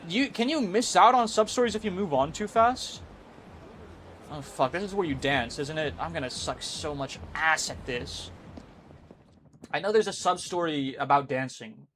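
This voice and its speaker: Male gaming streamer, slightly high-pitched, casual and excitable, swears a lot, laughs easily. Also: normal speed, slight background noise. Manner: rambling and excitable, swears freely, laughs often. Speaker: game streamer. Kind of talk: casual live-stream chat while gaming.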